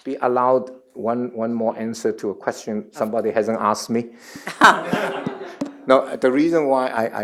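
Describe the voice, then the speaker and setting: A man in his seventies answering questions as a guest at a forum, earnest and halting, often repeating words before he finds the next phrase. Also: on the low side, vocal fry. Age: 70s. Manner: earnest, measured explanation. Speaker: guest speaker.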